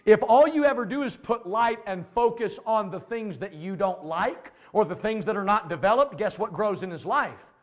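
An animated male pastor preaches in a high, lively voice that climbs and dips a lot. He is folksy and plain-spoken and keeps slipping into voices to act out the people he describes. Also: normal speed, few pauses. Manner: animated, acts out quoted voices. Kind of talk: sermon.

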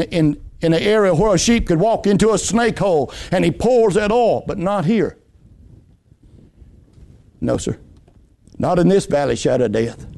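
A man preaches a fervent sermon in a notably high voice. He tells folksy stories, rising to ringing emphatic peaks and dropping to hushed, low passages. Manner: impassioned, swinging between high emphatic lines and low hushed ones; folksy storytelling with homespun anecdotes.

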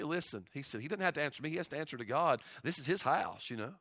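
A male pastor preaching a sermon, moving between quiet storytelling and loud, shouted exhortation. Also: mid-range voice, lively intonation, fast talker, no echo, clean studio sound.

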